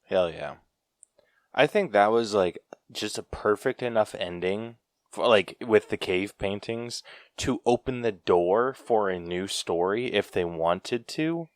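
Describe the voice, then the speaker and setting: A man's voice: lowish voice, slow, dry recording. Laid-back man chatting, dry mic. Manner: loose, filler-heavy talk. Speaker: podcast co-host. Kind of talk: casual chat.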